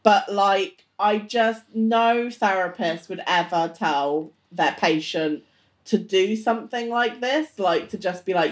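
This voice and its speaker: A woman co-hosting a podcast, exclaiming excitedly and giving strong opinions in a casual chat. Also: mid-range voice, slow pace. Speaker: podcast co-host.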